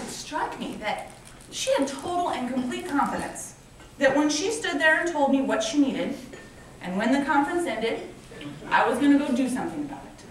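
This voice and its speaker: A woman's voice: sits high, recorded from a distance, slight background noise. A woman in her thirties, a nonprofit founder, giving an enthusiastic, grateful fundraiser speech with personal stories, recorded in a large convention hall. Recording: echoey hall picked up from afar.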